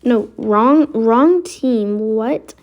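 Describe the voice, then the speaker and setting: A woman giving casual, excitable commentary while playing a basketball video game, reacting aloud as she goes. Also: on the high side, very slow, dull audio. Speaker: gaming video creator.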